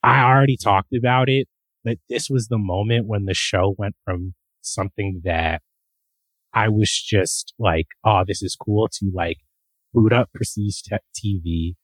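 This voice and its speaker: A man co-hosting a casual pop-culture chat, excitable and acting out quotes with the odd swear word. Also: fairly low pitch, measured pace, no echo, rough recording. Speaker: podcast co-host.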